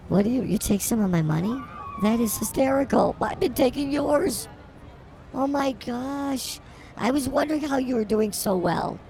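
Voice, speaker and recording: A woman's voice: on the high side, expressive, normal speed, background noise. A woman co-hosting a comedy podcast, teasing and rambling through improvised banter. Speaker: podcast co-host.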